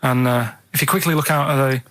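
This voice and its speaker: A man with a Mancunian accent talks in a flat, deadpan ramble, piling up small grievances as if they were obvious. His pitch sits mid-range for a man, and the studio mic catches him close and dry with no room sound. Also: quick pace, no room sound. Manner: deadpan, rambling, matter-of-fact complaints. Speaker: radio show regular. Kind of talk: casual radio chat. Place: radio studio. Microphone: studio microphone.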